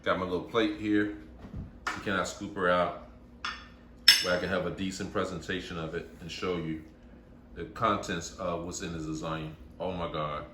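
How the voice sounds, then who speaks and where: Low-voiced guy doing a home cooking vlog, gets all worked up and chatty, echoey kitchen with a bit of hiss. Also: moderate pace. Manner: excitable, enthusiastic and chatty. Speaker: cooking channel host. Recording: echoey room with faint noise.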